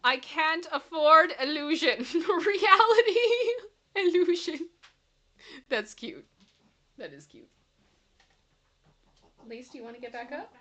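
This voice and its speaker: A woman's voice: high-pitched, unhurried, pauses often, bright, forceful tone. A woman with a Canadian accent hosting a livestream, casually chatting, giggling and reading viewer comments aloud. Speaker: livestream host. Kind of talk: casual live-chat reading.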